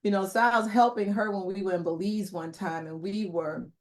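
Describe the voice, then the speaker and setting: A middle-aged woman speaks as an interview guest, her voice sitting at an ordinary middle pitch. She tells her memories reflectively, with soft fillers and pauses. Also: fairly even intonation. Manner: reflective, warm storytelling with many fillers. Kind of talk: conversational interview testimony.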